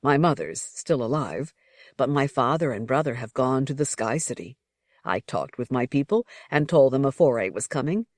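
A reader voicing a deferential male servant who acts as a guide, speaking calmly and politely. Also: medium pitch, moderate pace, no room sound, clean studio sound, close to an everyday voice. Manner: calm, polite, explaining.

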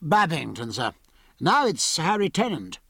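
A man reading an earnest, courteous naval officer who addresses his father politely. The voice sits fairly high with lively turns, in a dry, close recording. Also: unhurried, gravelly, husky, no room sound, heavily acted.

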